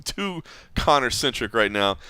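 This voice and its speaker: A man's voice: medium pitch, sing-song, measured pace, sharp tone, clear, resonant tone, dry recording, studio quality. A man hosting a podcast, chatting casually and laughing as he wanders between points. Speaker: podcast host.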